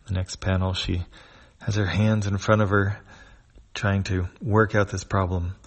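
Low, gravelly man reading a comic. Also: little pitch movement, normal speed. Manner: plain, hesitant with fillers. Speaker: webcomic reader. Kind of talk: reading a comic aloud, describing panels.

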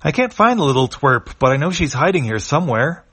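Man voicing comic-strip dog-like alien, impatient, wheedling, high and loud. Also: expressive, moderate pace, natural voice. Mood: irritated. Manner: coaxing, then irritable and grumbling.

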